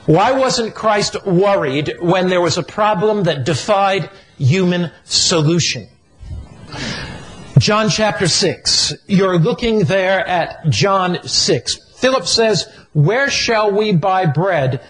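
High-voiced man preaching slowly. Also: animated, low-quality recording. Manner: emphatic repetitive cadence. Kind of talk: sermon.

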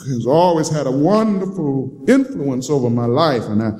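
A man preaching voices a rough, weather-beaten former soldier with a Southern accent, grave and low as he confesses. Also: lively intonation, normal speed, mellow, lightly acted. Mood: wry.

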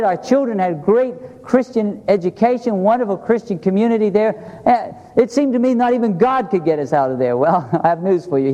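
A man's voice: sits high, dark tone. A middle-aged man preaching a sermon in a church, earnest, asking the congregation questions as he talks. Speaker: pastor. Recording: long hall reverb.

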